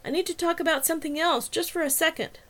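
A woman's voice: high voice, lively intonation, a little fast, pitched above the performer's own voice. A woman voicing a bubbly, chatty young college woman who organizes dorm events, talking in an eager, gushing way.

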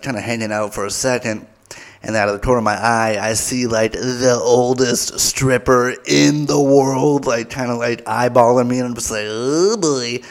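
Brief: male podcast host, middle-pitched, rambly comic storyteller, loose and self-mocking. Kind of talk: comedic storytelling.

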